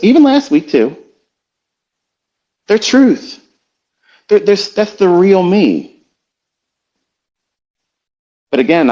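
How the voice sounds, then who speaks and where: A middle-aged man giving a reflective, confessional motivational talk as a trading educator in a live audio room, slow and halting. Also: a little high, a little mellow. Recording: slightly muffled online audio stream.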